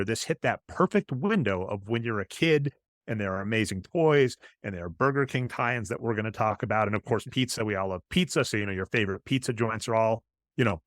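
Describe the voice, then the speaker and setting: A man's voice: on the low side, a bit bright, dry recording. A man co-hosting a podcast in casual chat, rambling in long run-on stretches and prone to tangents. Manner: admits to going off on tangents. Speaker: podcast co-host.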